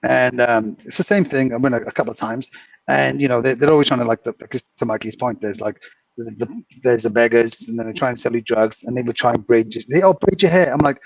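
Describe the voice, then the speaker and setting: A man's voice: medium pitch, fairly even intonation, quick pace, gravelly, dry recording. Give me a British man co-hosting, chatty and laughing, on a dry, dull-sounding mic. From Britain. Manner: rambling, laughing anecdotes. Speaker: co-host. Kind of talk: casual storytelling chat. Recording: distant muffled mic.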